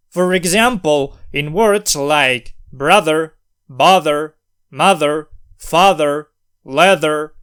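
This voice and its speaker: Man, fairly high voice, smooth and clear, scripted lesson narration, careful and measured. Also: a bit bright. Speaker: language video host.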